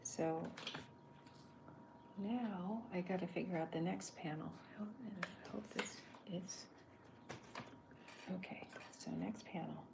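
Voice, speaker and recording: A woman on a drawing live stream, talking softly in a half-whisper and rambling as she thinks aloud. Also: lowish voice, takes it slowly, gravelly, pauses often. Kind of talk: soft-spoken ASMR drawing stream. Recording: noisy home stream audio.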